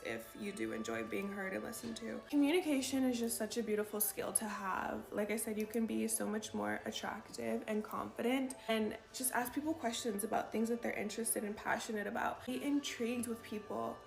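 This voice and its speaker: A woman's voice: a little high, expressive, fairly quick, vocal fry, few pauses, soft background music. A young woman vlogger giving casual advice in a chatty, self-reflective way, often acting out her own past words. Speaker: lifestyle vlogger. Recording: roomy echo.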